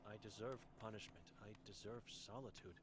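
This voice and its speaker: A man's voice: on the low side, fairly even intonation, normal speed, background noise, pitched below the performer's own voice, lightly acted. A man voicing a blind, mute old woman who is grim and full of guilt, speaking in terse broken phrases. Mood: somber.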